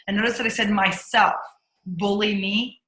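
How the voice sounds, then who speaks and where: A woman guest coach telling stories in an interview, energetic and punchy, acting out her own inner voice. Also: medium pitch, normal speed, roomy sound, low-quality recording. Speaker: podcast guest, accountability coach. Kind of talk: candid interview storytelling.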